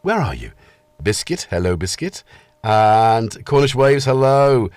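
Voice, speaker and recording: Middle-aged male stream host, casual and chatty, animated voice, dry close sound. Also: mid-range voice, unhurried, dry recording. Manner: chatty, greets viewers in chat one by one. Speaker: livestream host. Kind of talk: casual live-stream chat.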